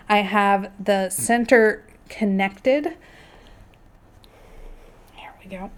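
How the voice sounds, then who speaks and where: A woman's voice: medium pitch, darkish tone. A woman hosting her knitting video at home, chatting casually and laughing often as she shows her work. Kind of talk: casual chat. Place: indoors at home.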